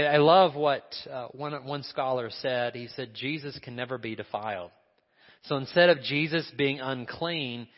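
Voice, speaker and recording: A male pastor preaching a sermon in a church, earnest, repeating key phrases and dropping to a soft hush. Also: medium pitch. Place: church sanctuary. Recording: dull sound in a long-echo hall.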